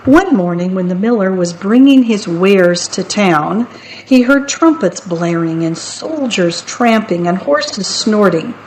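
Slow, playful woman reading a picture book. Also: medium pitch, slight background noise, poor audio. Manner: playful, expressive narration. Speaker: storyteller. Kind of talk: picture book read-aloud.

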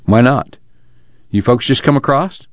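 A man voicing an easygoing young mechanic who talks in a lively, wry drawl. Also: mid-range voice, measured pace, no room sound, pitched above the performer's own voice, natural voice. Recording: dull lo-fi recording.

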